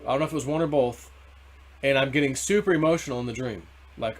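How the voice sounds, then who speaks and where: A man's voice: mid-range voice, animated, brisk. Rambling man retelling his dreams. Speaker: crypto video host. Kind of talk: casual monologue.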